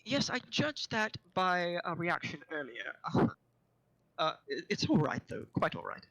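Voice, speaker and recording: A man's voice: high-pitched, sing-song, unhurried, sharp tone, no echo, exaggerated voice, rough recording. A man voicing a polite, refined tiefling traveler who speaks formally and courteously.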